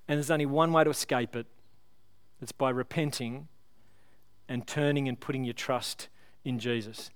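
Earnest pastor preaching, smooth voice. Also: male voice, a little high. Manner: earnest, pleading, builds with illustrations then slows to prayer. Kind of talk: sermon. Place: church service.

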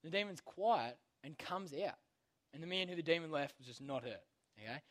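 A man's voice: on the high side, expressive, moderate pace, a bit bright. Young aussie guy teaching a kids bible lesson, slangy and chatty, keeps going okay?. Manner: casual, slangy, checks in with "okay?" constantly.

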